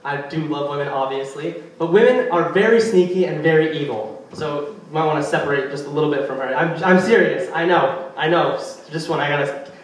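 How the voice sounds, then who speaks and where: A young male comic with a high voice rambles through his set and needles the crowd. He sounds far from the microphone, and his voice echoes heavily in the room. A faint hum sits under it. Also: fairly quick. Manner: rambling, chatty, teasing the audience. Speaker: stand-up comedian. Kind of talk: stand-up routine. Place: live comedy venue. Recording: echoey venue, far from mic.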